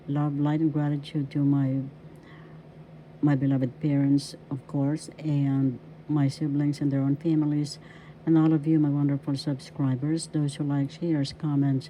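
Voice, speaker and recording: Slow, dark-voiced woman teaching pronunciation. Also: low-pitched, a little hiss or hum, poor audio. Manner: spells out words syllable by syllable, repeating each; gentle blessings and well-wishes. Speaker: language teacher.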